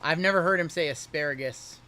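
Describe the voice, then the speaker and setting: A high, bright-voiced man runs a livestream card break, calling out every pull as it comes. He keeps the patter jokey and upbeat between cards. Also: fairly quick. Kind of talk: livestream card-opening commentary.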